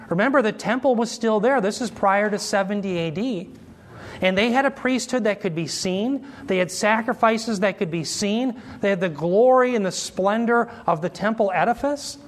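A man teaching an expository sermon, explaining Greek terms slowly and asking his listeners questions as he goes. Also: high-pitched. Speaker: Bible teacher.

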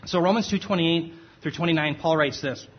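Husky-voiced man teaching a sermon. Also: fairly high pitch, fairly quick, muffled recording. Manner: conversational, checks in with "okay?", self-correcting, laughs at himself. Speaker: pastor. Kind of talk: expository sermon.

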